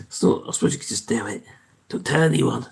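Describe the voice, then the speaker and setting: A man's voice: mid-range voice, fast, gravelly. A man, hosting a casual live stream, chatting in a rambling way and thanking his viewers. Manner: rambling, chatty, self-interrupting; thanks viewers and signs off cheerily. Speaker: livestream host.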